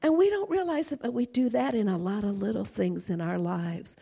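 A middle-aged woman preaching a sermon in an animated way, acting out quotes and laughing often. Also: medium pitch, brisk, vocal fry, husky.

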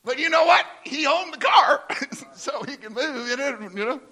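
A male preacher delivering a sermon in a high, very bright voice. His pitch swings widely as he tells his story, and he often stumbles into restarts and repeats words. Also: expressive, moderate pace.

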